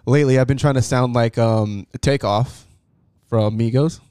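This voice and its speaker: A man's voice: medium pitch, fairly even intonation, normal speed, warm tone, smooth, no room sound, clean studio sound. A young man co-hosting a casual podcast, joking around and laughing often. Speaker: podcast co-host. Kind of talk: casual chat.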